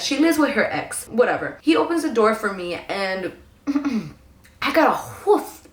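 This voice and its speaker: A young woman telling a long storytime in a casual, animated, profane, slang-heavy way. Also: mid-range voice. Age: young adult. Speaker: vlogger. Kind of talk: storytime vlog. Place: her room at home. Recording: echoey room.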